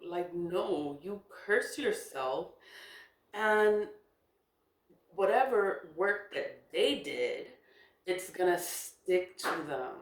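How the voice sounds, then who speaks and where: A woman in her forties in a casual spoken monologue, emphatic and animated, laughing often and swearing. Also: mid-range voice, reverberant. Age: 40s. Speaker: spiritual content creator.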